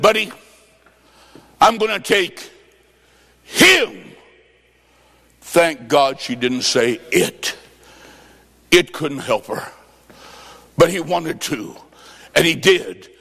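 High-voiced revival preacher in a hall. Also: male voice. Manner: dramatic, acts out quotes, shouts praise. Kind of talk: revival sermon with story. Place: church revival service.

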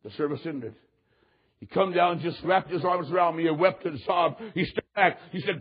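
A man preaching a sermon, telling a story in an animated way that swings from loud outbursts to hushed moments. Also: a little high, normal speed, husky, lo-fi sound.

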